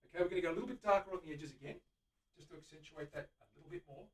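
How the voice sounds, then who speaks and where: A man's voice: a little high, rapid-fire, recorded from a distance, a little hiss or hum. A middle-aged man with an Australian accent, hosting a live-streamed workshop demonstration and chatting eagerly to viewers while he works. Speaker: luthier host. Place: guitar workshop. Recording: voice from away from the mic.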